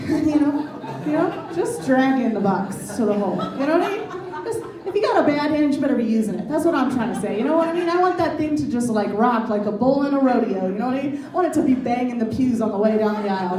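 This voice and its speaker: A woman doing a stand-up set and hosting a comedy showcase, with dark jokes and frequent asides to the crowd. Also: fairly high pitch. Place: library event room with live audience. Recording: echoey room miked from far off, crowd.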